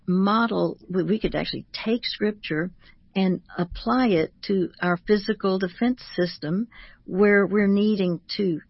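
A woman who is a Christian author, speaking as a guest on a radio talk show in a measured, teaching manner and slowing down to stress each word. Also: mid-range voice, dry recording, muffled recording.

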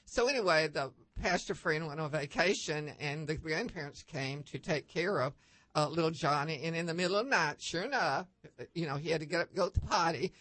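A woman guest on a faith-based talk show, telling anecdotes with lively upward leaps in pitch and many restarts. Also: a little fast, dry recording. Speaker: guest panelist.

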